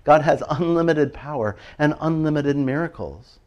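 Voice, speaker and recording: A man preaching a casual, animated sermon, chatty and laughing often as he acts out little prayers. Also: fairly high pitch, moderate pace, lo-fi sound. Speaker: pastor.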